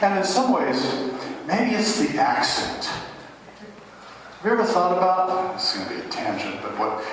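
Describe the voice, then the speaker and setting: Pastor preaching a sermon, unhurried delivery with dry asides, male, recorded from a distance in a church with a faint hum of ambience. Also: on the high side, sing-song, fairly bright tone. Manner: conversational, wry asides. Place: church sanctuary. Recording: echoey church hall from far off.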